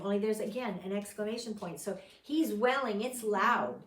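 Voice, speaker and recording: A woman's voice: medium pitch, normal speed, hardly any pauses, recorded from a distance. A woman teaching a Bible study, telling the story dramatically and acting out the characters' lines. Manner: dramatic, acts out quotes with sudden loud outbursts. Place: fellowship meeting room. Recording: roomy sound from off the mic.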